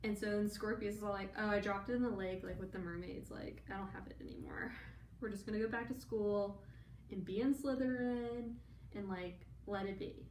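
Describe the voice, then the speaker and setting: A woman's voice: medium pitch, steady tone, normal speed, darkish tone. A young woman in a tipsy, rambling comic retelling, acting out characters' lines as she goes. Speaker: drunk storyteller. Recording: echoey room from a distance, faint background noise.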